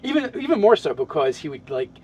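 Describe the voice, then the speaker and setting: A man's voice: a little high, very animated, quick pace, breathy edge. A man in casual podcast chat, describing his tabletop game character, talking in loose, rambling sentences full of restarts and fillers.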